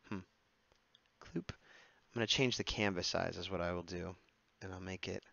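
A man streams himself sketching and taking requests, muttering and humming while he draws before turning to chat brightly with viewers in a casual live-stream way. His voice is fairly low and gravelly, and the sound is lo-fi.

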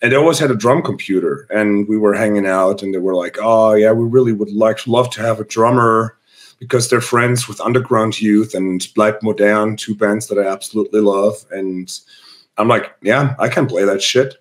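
A hoarse man speaks as a podcast guest. His voice sits a little low and sounds rough from illness. He rambles casually, circling back with ums and restarts. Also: moderate pace. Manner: rambling, many fillers and restarts. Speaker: guest musician. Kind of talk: casual interview chat.

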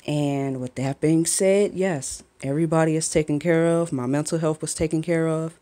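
A young woman vlogging as a mother at home, talking candidly and emotionally with halting restarts, into a phone camera. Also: low-pitched, fairly even intonation, dark tone. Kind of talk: emotional personal vlog. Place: home, just after a shower.

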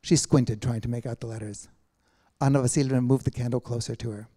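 Man narrating a novel, mellow tone. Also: medium pitch, fairly even intonation, fast talker. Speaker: reader of a translated novel. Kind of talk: literary narration.

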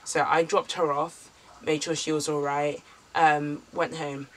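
A woman's voice: deep voice, flat delivery, unhurried. A young woman casually telling a personal story for her vlog, candid and chatty with lots of filler words. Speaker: vlogger.

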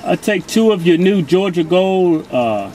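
A man's voice: high-pitched, lively intonation, unhurried, warm tone, a little hiss or hum, poor audio. A middle-aged man co-hosting, ordering food and trading curses and banter in a car at a drive-thru. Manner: profane and scolding. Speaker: co-host.

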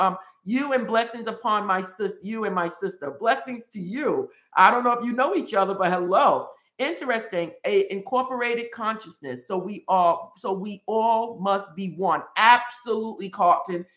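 A woman's voice: on the high side, a bit bright. A woman hosting a casual live stream, reading viewer comments aloud and repeating greetings in a chatty way. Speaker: livestream host. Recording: roomy echoey room.

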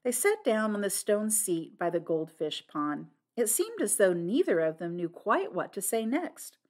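A woman reading a classic mystery novel aloud as an audiobook narrator, with expressive delivery. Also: medium pitch, unhurried.

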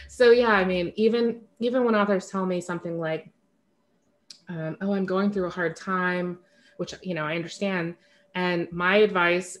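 A woman author talking candidly in an interview, chatty and self-correcting, often laughing at herself. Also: lowish voice. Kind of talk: casual interview conversation.

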